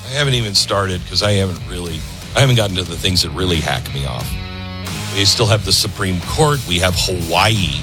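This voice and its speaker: A man's voice: deep voice, lively intonation, brisk, over music. A man hosting a political talk radio show, ranting sarcastically. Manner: sarcastic, ranting, mocking voices.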